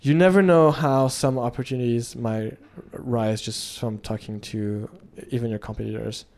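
A man's voice: mid-range voice, steady tone, moderate pace, gravelly, a little mellow. A man who founded a creative studio, talking in a casual interview in a thoughtful, hesitant way with frequent restarts.

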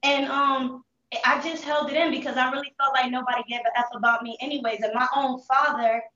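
High-voiced woman telling her story candidly. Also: little pitch movement, bright, forceful tone, roomy sound, recorded from a distance, muffled recording. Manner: candid street slang, halting restarts. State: holding back tears. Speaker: interview guest. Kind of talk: emotional personal testimony.

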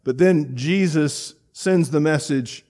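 A middle-aged man preaching a sermon, telling a story and swinging between loud emphasis and hushed, reflective passages. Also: fairly high pitch, slow. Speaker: pastor.

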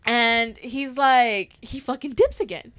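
Give me a woman in her thirties with a fairly high voice, telling a story in loose, casual chat. She swears a lot and jumps into the voices of everyone in the tale, so her delivery stays animated from start to finish. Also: takes it slowly, clear, resonant tone. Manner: animated, swears freely, acts out quoted voices. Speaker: podcast host.

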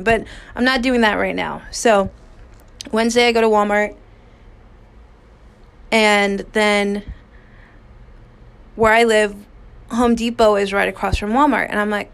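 Slow, gravelly-voiced woman telling a personal story. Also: medium pitch, little pitch movement. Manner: casual, frank, swears freely, halting with restarts. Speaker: podcast host.

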